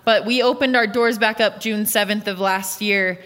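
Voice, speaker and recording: Youth pastor woman late 20s, earnest and candid, bright sharp voice, long echo. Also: mid-range voice, fairly even intonation, moderate pace. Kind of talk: interview answers. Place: church auditorium stage. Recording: long reverb of a large hall.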